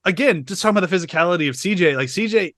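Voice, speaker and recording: A man co-hosting a casual film podcast chat, animated and full of filler words. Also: sits high, rapid-fire, no room sound, studio quality. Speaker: podcast co-host.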